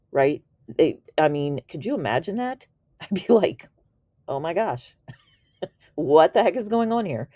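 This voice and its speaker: A woman's voice: sits low, dark tone, no echo. A woman telling a story in a casual, slangy and enthusiastic way, laughing now and then as she explains. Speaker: Reiki teacher.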